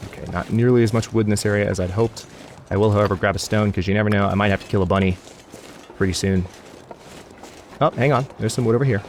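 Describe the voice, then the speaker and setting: A man's voice: on the low side, fast talker, long pauses, a little hiss or hum. A man hosting a let's play, rambling through gaming commentary and grumbling at the game in exasperated asides. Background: game music.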